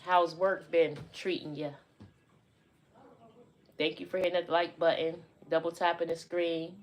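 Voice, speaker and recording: Low, slow-talking woman chatting with viewers. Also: level tone. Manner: laid-back, chatty, laughs often, talks to viewers. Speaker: livestream host. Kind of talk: casual live chat. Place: indoors at home by a window.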